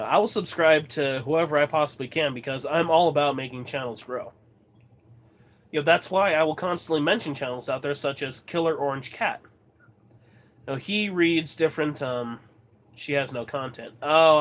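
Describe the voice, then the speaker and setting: A man's voice: fairly high pitch, normal speed, fairly bright tone. A man from Colorado chatting casually as host of his livestream, rambling and laughing often. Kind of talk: casual chat.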